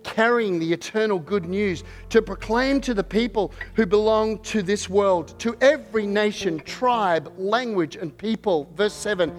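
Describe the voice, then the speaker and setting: High-voiced pastor preaching slowly. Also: male voice, soft background music. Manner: measured, repeats words while searching for phrasing; builds to a fervent call near the close. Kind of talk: sermon.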